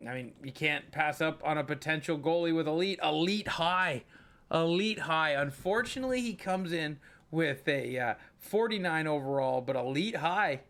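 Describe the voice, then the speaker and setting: Young male gaming host, slightly high voice, chatty play-by-play that spikes into excited outbursts. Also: normal speed. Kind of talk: gameplay commentary.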